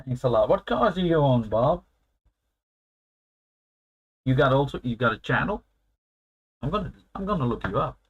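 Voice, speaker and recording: A man's voice: mid-range voice, animated, normal speed, long pauses, slightly rough, lo-fi sound. A man hosting a casual live stream, chatting loosely and laughing often as he answers his viewers.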